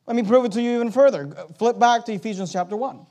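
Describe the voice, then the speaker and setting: A man's voice: extremely high pitch, fast, darkish tone. A man preaching a sermon, stressing key words, asking rhetorical questions and reading scripture aloud.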